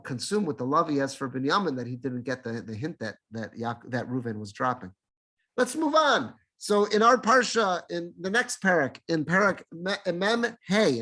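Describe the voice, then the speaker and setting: A middle-aged rabbi teaching a Torah class, reading Hebrew verses and explaining them in casual English, acting out the lines of the people in the story. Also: male voice, fairly high pitch, fairly bright tone.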